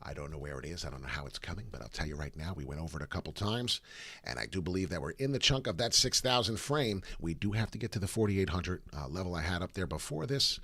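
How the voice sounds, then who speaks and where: A man hosting a live crypto chart commentary, excitable, profane and rambling. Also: low voice, quick pace, no room sound. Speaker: crypto chart analyst, channel host.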